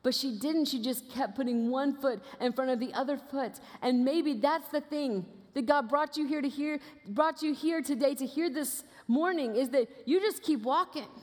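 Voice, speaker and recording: A woman guest preacher giving a sermon as lively, conversational storytelling in a church auditorium. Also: high voice, normal speed, few pauses. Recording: long reverb of a large hall.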